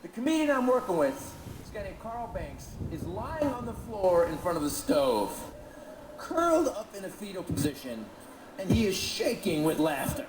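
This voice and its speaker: A man doing a brash stand-up comedy routine on stage, animated and loud at times. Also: high-pitched, normal speed, crowd noise. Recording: echoey venue with noise.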